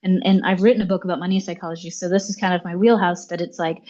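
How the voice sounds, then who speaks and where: A woman guest telling a personal story in conversation, animated and full of fillers like "like" and "you know". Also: on the low side, fast, highs cut off. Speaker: podcast guest.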